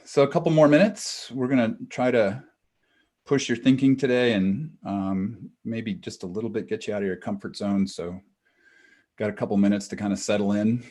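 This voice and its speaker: Husky-voiced man greeting webinar guests. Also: fairly low pitch, normal speed. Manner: relaxed, chatty, greets attendees by name. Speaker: webinar co-host. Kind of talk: casual greetings before a webinar. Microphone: video call.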